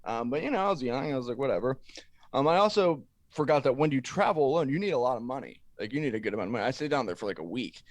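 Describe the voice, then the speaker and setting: Young male podcast co-host, mid-pitch, casual rambling storyteller, dry close sound. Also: rapid-fire, hardly any pauses, no room sound. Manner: animated, swears freely, rambling anecdote.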